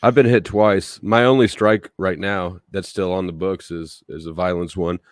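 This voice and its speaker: Low-voiced man hosting a casual livestream. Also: steady tone, normal speed, dry recording, studio quality. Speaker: livestream host. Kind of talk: casual chat.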